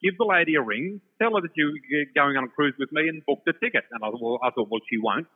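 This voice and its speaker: A man telling an animated personal story, laughing often and acting out the other voices, from a shopping centre. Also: a little high, quick pace, husky. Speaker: storyteller guest. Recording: tinny phone line with long reverb.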